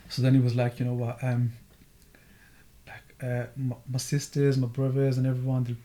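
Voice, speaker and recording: A man telling a story in casual podcast chat, acting out the dialogue in it. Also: mid-range voice. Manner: fast, animated, acts out dialogue in the story. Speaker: podcast guest.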